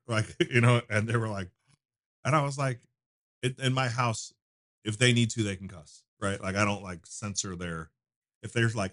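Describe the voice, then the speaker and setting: A man with a very low voice talks openly in a podcast chat. He swears without a second thought and drops into soft, murmured asides. The sound is close and dry, with no room around it. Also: a little fast, dry recording. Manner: candid, swearing freely, trailing into quiet asides. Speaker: podcast guest. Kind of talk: casual conversation.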